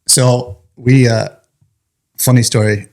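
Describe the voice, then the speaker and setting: A male firefighter, appearing as an interview guest, tells a story with lots of energy, laughing at the funny bits and swearing casually. His voice sits at a medium pitch, and he takes his time.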